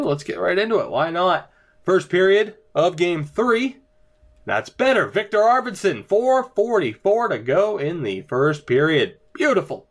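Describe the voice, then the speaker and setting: A young man commentating his own hockey video game, mostly deadpan and low-key, with sudden bursts of disbelief. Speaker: gaming commentator. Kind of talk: casual let's-play commentary. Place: home room early in the morning.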